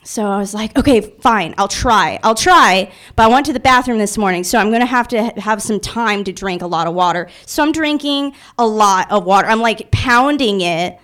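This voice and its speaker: A young woman telling a personal story in an animated, self-mocking way, full of filler words. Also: mid-range voice, brisk, few pauses. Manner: animated, filler-heavy retelling with many "like"s; self-mocking, anxious narrating tone.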